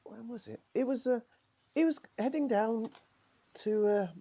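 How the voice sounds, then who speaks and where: A man's voice: very high voice, measured pace, warm tone, full character voice. A man voicing a proud, fussy middle-aged male Morris dancer who rambles on opinionatedly and says "aye," improvised in a role-play game. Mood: recalling.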